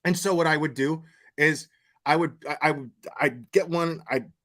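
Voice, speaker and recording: Profane, animated commentary guy. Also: on the high side, moderate pace. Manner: profane, laughing, animated anecdotes. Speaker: commentary streamer. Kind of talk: casual live commentary and storytelling.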